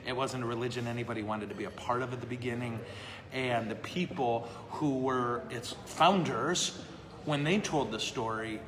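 A man, a priest hosting a live question-and-answer show in a brewery, talking casually and joking about himself, often checking in with "okay?" and "right?". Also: medium pitch. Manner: joking, self-deprecating, asks the room "okay?" and "right?". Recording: long reverb, faint ambient noise.

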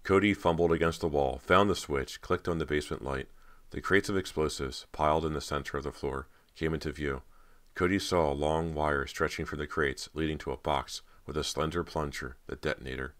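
A man narrating an audiobook in a steady, measured storytelling voice. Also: very deep voice.

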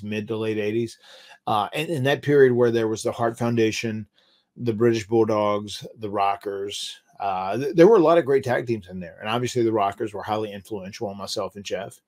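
A man's voice: on the low side, a little mellow. A man with a Southern US accent, hosting a podcast, chatting casually and often restarting his words with little stammers. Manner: stammers on restarts, laughs easily. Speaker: podcast host, former wrestler. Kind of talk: casual chat.

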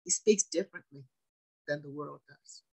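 A woman's voice: sits low, moderate pace, vocal fry, breathy edge, rough recording. Fields: Sex: woman. Role: preacher. Style: sermon. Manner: emphatic, questioning. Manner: emphatic, repeats phrases, asks the congregation questions.

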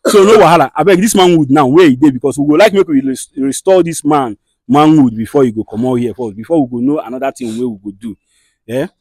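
Nigerian man, skit host; rapid, scolding-then-soothing delivery, dry close sound. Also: a little high, a little mellow, breathy edge, no echo. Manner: fast, scolding and soothing by turns. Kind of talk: comedy skit with direct address.

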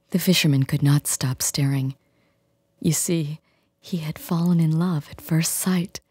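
A woman narrating a storybook in a soft, near-whispered hush. Her voice is low, dark and very breathy, and she reads slowly and gently. The recording is close and dry. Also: no room sound. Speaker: audiobook reader.

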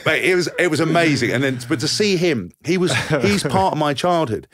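Animated man telling rugby stories. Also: a little high, brisk. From England. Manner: animated storyteller who mimics others, laughs often, swears casually. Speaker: podcast co-host, former rugby player. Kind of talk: casual anecdote telling.

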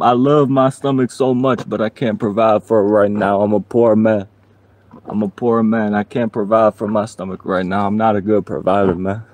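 A man's voice: lowish voice, a little mellow. A man chatting casually on his livestream, pleading for donations and joking along the way. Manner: pleading and joking, slow drawl.

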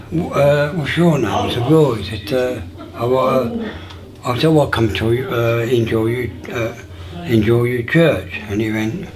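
A man in his sixties tells his life story in a casual, halting way, with many restarts and fillers, and acts out remembered dialogue. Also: mid-range voice. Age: 60s.

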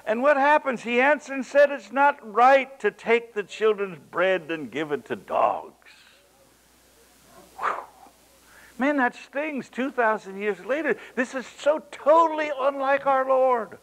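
A man's voice: very high voice, expressive, measured pace, a bit bright, low-quality recording. A man preaching a sermon, with dramatic swings in his delivery, folksy storytelling asides and occasional chuckles.

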